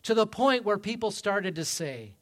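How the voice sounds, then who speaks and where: A man preaching a sermon as pastor, emphatic, swinging from loud peaks to quiet low passages and calling for amens. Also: big pitch swings, moderate pace. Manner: asks the congregation for amens.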